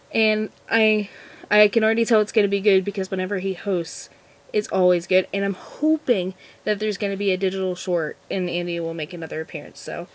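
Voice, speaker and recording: A seventeen-year-old girl answering viewer questions in a casual vlog, nervous and giggly, rambling with lots of restarts. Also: mid-range voice. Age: teens. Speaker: vlogger.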